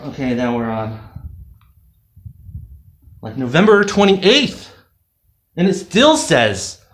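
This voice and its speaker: A man's voice: medium pitch, big pitch swings, takes it slowly, long pauses. A man reviewing a product in a casual, rambling, sarcastic rant full of fillers. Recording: roomy echo.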